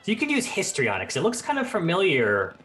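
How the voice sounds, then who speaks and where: Casting: lively male game master, rambling narration, very expressive pitch. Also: quick pace, a little hiss or hum. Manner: animated, rambling with fillers.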